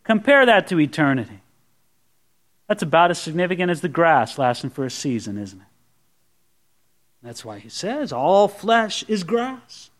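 A man's voice: a little high, sing-song, normal speed, pauses often, a bit bright. A man preaching a sermon, teaching through a Bible passage verse by verse with conversational asides to the congregation. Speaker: pastor.

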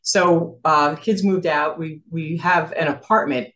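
Guest, woman, 60s, from New Jersey: lively storyteller, lower voice, acts out the dialogue. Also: a little slow. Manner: animated, acts out quoted dialogue, laughs often. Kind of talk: storytelling in a casual interview.

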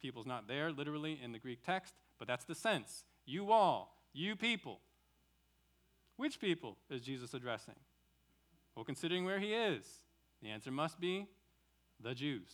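A male pastor delivers an expository sermon in a fairly high voice that rises and falls in a lively way. He poses rhetorical questions and repeats key phrases for emphasis. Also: moderate pace.

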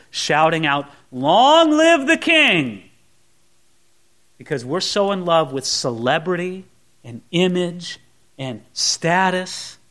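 A male pastor preaching a sermon in an animated way, acting out scenes with shifting voices. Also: fairly high pitch.

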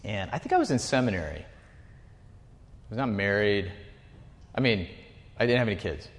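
A man with a somewhat low voice teaches a group in a loose, conversational way, circling back and correcting himself as he goes. His talk rings with the long reverb of a hall. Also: expressive, moderate pace. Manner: rambling, self-correcting, chatty with asides.

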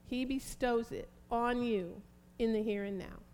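A woman preaching a fervent, prayerful sermon, reading scripture slowly and emphatically. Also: fairly high pitch, a little mellow, clear, resonant tone.

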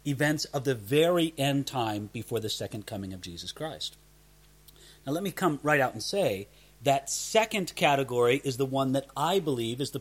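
A man teaching a Bible passage verse by verse, earnest, often repeating words as he starts a sentence. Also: medium pitch.

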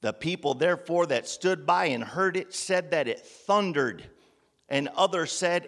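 A man's voice: fairly high pitch, animated, unhurried, fairly bright tone. A man preaching a sermon to a congregation, asking rhetorical questions and calling on listeners by name. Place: meeting room with congregation. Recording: long hall reverb.

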